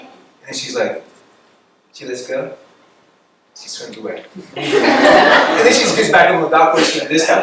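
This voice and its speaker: A young man giving a casual campus sermon, animated storytelling that acts out the people he quotes. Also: fairly high pitch, a little slow, pauses often, background noise. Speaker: campus ministry speaker. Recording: echoey room recording from far off.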